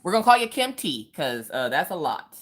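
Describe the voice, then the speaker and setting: A woman hosts a casual livestream, her pitch jumping lively up and down as she calls out viewers by name. She talks in an easy, joking way, full of playful exclamations and chatty asides. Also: a little fast. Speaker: livestream host.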